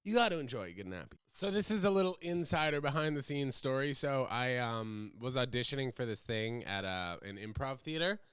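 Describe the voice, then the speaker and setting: On his casual solo podcast, a young man from the US rambles animatedly between subjects, breaking into loud, goofy voices. He has a mid-range, clean-toned voice, moves at a moderate pace with few pauses, and the studio sound is clean with no echo.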